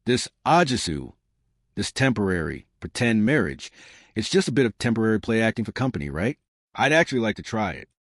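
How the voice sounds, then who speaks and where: A man's voice: on the low side, big pitch swings, fairly quick, dry recording, studio quality. A man voicing a cheerful, playful woman in her fifties, talking chirpily and eagerly.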